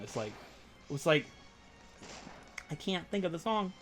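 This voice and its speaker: A man hosting a let's play, rambling and joking excitedly over his game. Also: on the high side, unhurried, soft background music. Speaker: gaming channel host.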